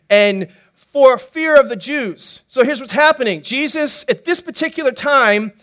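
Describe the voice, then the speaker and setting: Animated high-voiced male pastor. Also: moderate pace. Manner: animated, playful preaching with jokes and acted-out quotes; asks the congregation questions. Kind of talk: sermon.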